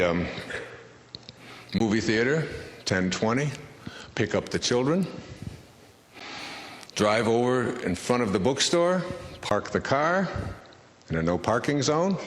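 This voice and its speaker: A man's voice: medium pitch, a little hiss or hum. A man, a spiritual speaker and author, telling a story to an audience in a wry, conversational way, recorded in an echoey lecture hall.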